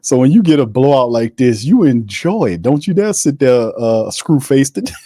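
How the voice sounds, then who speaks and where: A man calling the game live for his stream audience, excitable and loose, full of slang and quick laughs. His voice sits at an ordinary pitch, and the sound is dry and close. He moves between play-by-play and friendly chatter with viewers. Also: no room sound. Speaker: watch party host.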